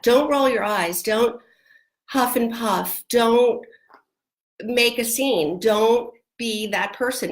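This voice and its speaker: Woman, divorce coach, slow deliberate delivery, emphatic repeated warnings. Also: a little high. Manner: emphatic, repetitive coaching with quick asides. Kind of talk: direct-to-camera advice talk.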